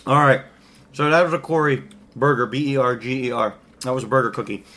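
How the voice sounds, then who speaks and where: A man's voice: medium pitch, fast, bright, forceful tone. A man hosting a casual podcast chat, laughing often, rambling and restarting, at times talking while eating. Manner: laughing, rambling, self-interrupting. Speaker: podcast host.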